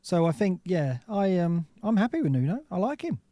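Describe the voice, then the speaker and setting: A man co-hosting a casual podcast, with an easygoing, wry manner. His voice sits a little high, recorded close and dry on a desk mic. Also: big pitch swings, moderate pace, mellow, dry recording. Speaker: podcast co-host. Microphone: desk mic into podcast mixer.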